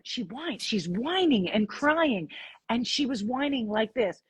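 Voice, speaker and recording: Very husky woman telling a story. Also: fairly high pitch, measured pace, dry recording. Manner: animated, acts out dialogue in her stories. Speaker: podcast guest. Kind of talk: storytelling in an interview.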